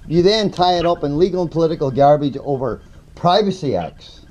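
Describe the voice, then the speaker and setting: A man's voice: a little high, lively intonation, a little fast, a little mellow, slight background noise. A man angrily confronting his advocate, swearing and hammering the same accusing questions. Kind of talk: heated confrontation.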